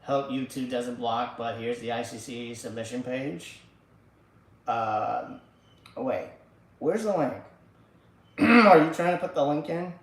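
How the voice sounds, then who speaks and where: A man's voice: mid-range voice, a little slow, long pauses, reverberant, rough recording. A man hosting a casual political podcast, talking in crude, profane banter. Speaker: podcast host.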